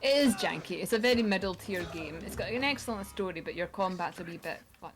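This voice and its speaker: A woman from Scotland with a Scottish accent softened by American, chatting enthusiastically as a guest author. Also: lowish voice, fast, noisy background. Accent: Scottish, with American mix. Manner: enthusiastic, rambling. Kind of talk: casual chat.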